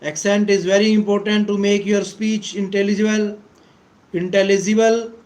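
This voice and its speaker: A man giving a deliberate English pronunciation lesson, repeating key words for emphasis and clearing his throat often. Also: high-pitched, little pitch movement, a little mellow, low-quality recording. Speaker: English teacher. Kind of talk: slow explanatory lecture.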